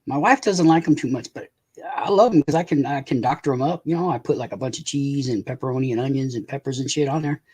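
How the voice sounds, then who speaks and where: A man's voice: mid-range voice, quick pace, darkish tone, husky. A man chatting casually on a live stream, rambling, repeating words and swearing offhandedly. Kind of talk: casual chat.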